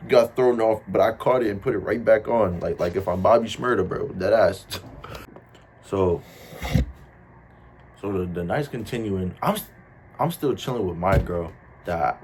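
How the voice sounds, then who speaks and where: A young man from New Jersey with a New Jersey accent, telling a casual storytime in slangy, animated talk. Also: lowish voice, a little hiss or hum.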